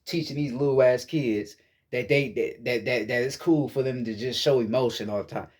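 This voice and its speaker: A man's voice: mid-range voice, normal speed, darkish tone, husky. A young man giving a casual spoken lesson on meditation, blunt, profane and preachy, often repeating words as he searches for phrasing. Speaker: spiritual teacher.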